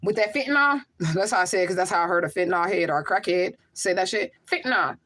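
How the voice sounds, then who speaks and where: Talking fast in a lowish voice with fairly even intonation, a woman hosts a casual livestream. As a spiritual medium, she reads out viewer comments and answers them with rhetorical emphasis, frequently asking "okay?".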